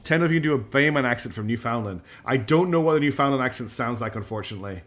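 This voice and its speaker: A man's voice: mid-range voice, animated, fast, a bit bright. A man streaming a strategy game, chatty and self-deprecating, thinking aloud as he plays. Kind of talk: live gameplay commentary.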